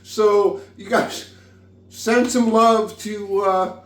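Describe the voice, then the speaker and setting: A man's voice: a little high, lively intonation, slow, reverberant, far from the mic. A tipsy man hosting a casual cooking vlog in his home kitchen, rambling, giggling and swearing freely as he cooks. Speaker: home cook, vlog host.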